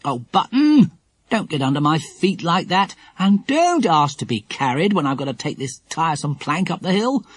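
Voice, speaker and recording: A man voicing a lively, eager schoolboy in an audiobook, cheerful and exclaiming. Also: fairly high pitch, normal speed, slightly rough, voice pushed up. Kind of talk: audiobook character voice.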